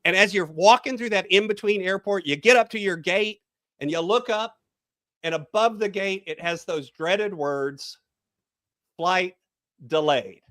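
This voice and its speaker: A man with a fairly high voice, coaching as a podcast guest. He talks the listener through a story, guiding them to imagine step by step. The sound is dry and close. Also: moderate pace, a bit bright, no echo. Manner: storytelling, guided visualization. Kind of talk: podcast interview.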